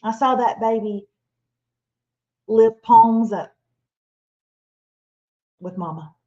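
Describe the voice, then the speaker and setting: A woman, giving a lively, playful motivational Christian talk as a webinar speaker. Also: on the high side, extremely slow. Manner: animated, playful, acts out imagined listeners and quotes. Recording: slightly dull, lo-fi webinar audio.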